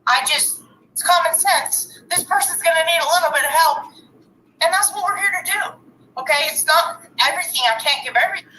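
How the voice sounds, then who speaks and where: A woman's voice: very high-pitched, fairly quick, bright, forceful tone, roomy sound, a little hiss or hum, rough recording. A woman talking earnestly to her live-stream viewers in an emphatic, lecturing way. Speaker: livestreamer addressing viewers. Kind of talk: casual live-stream talk.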